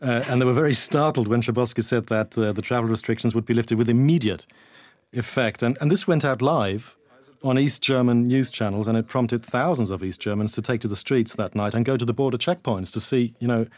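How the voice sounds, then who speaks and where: A man interviewing a guest, setting scenes and asking questions briskly. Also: mid-range voice, a little mellow, no echo. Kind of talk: radio-style interview.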